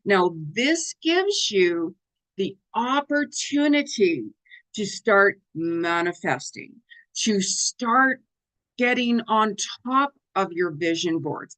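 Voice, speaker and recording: A middle-aged woman psychic talks to her livestream viewers in an easy, rambling way. She fills her speech with "like" and "you know". Her pitch sits in the middle range for a woman. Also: animated, takes it slowly, fairly bright tone, poor audio. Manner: chatty, rambling, many fillers like "like" and "you know"; acts out her own exclamations in a raised voice. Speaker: psychic reader hosting a live stream. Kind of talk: casual livestream talk.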